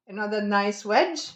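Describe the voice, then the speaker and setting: A woman's voice: mid-range voice, echoey room. A woman with an Italian accent giving a cooking demonstration at home, chatty and digressive, laughing often. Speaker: home cook.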